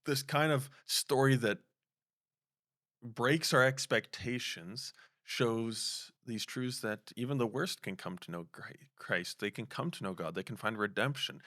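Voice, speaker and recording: A man's voice: medium pitch, measured pace, pushed and bright, no echo, clean studio sound. A man hosting a casual podcast interview, asking long, winding questions and affirming his guest. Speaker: podcast host.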